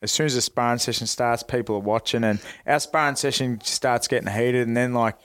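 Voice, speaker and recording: A young Australian professional boxer, appearing as a podcast guest, tells stories casually in a laid-back way, swearing freely and using lots of fillers. His mid-range voice is clean, smooth, brisk and a bit bright. It's recorded close and dry, with no echo.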